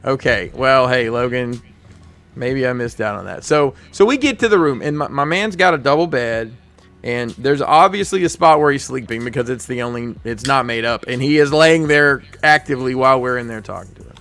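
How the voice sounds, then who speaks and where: A man's voice: mid-range voice, fairly quick, fairly bright tone. Laughing man telling a long story. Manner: rambling, laughing storyteller with many restarts. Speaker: podcast host. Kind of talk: casual storytelling chat.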